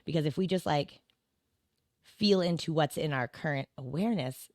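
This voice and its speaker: A woman with a notably low, deep voice talks as a podcast guest. Her speech rambles, full of "like" and "right?" and easy laughter. The sound is dry and close, with no room echo. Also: normal speed, a little mellow. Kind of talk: casual chat.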